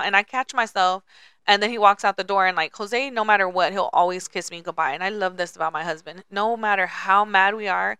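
A woman's voice: mid-range voice, brisk, sharp tone, smooth, no echo. A woman in her forties co-hosting a podcast, talking candidly in casual chat and swearing freely. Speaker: podcast co-host.

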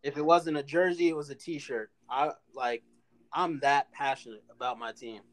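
Animated Philly sports fan, man. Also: mid-range voice. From Philadelphia area. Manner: animated, talks fast with repeated restarts. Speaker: podcast co-host. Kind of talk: casual sports chat.

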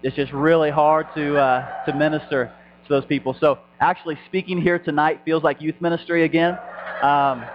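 Flat-voiced pastor, joking about himself. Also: male voice, medium pitch. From Indiana. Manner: joking, self-mocking, many ums. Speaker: guest pastor. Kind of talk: casual sermon talk. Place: church service. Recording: dull sound with faint mains hum.

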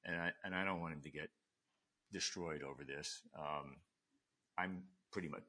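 Deep husky-voiced older admiral telling stories. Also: male voice, moderate pace. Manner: animated storyteller, voices quoted people with pitch jumps. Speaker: retired admiral, guest. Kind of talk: storytelling in conversation.

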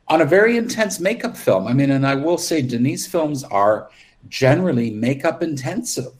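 A man's voice: on the low side, a little mellow. A man guest on an interview podcast, candidly recounting his film work in a rambling way with frequent restarts. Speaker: makeup artist guest. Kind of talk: casual interview storytelling.

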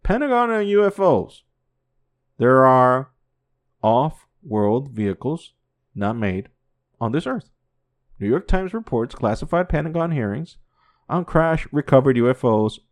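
In slow, expressive, profane commentary, a male podcast host swears constantly and repeats himself. He swings between low muttering and loud, incredulous outbursts.

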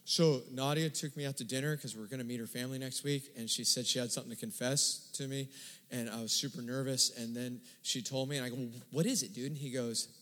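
A man's voice: mid-range voice, fast. Conversational preacher man, big echoing hall. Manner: conversational, animated retelling with quoted dialogue. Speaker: pastor. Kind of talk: sermon storytelling. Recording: long hall reverb.

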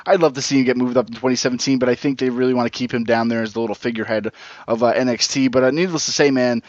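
A man co-hosts a casual podcast at an ordinary pitch. He rambles, loses his thread and restarts often. The recording is dry and slightly dull. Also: fairly even intonation, rapid-fire, dry recording. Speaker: podcast co-host.

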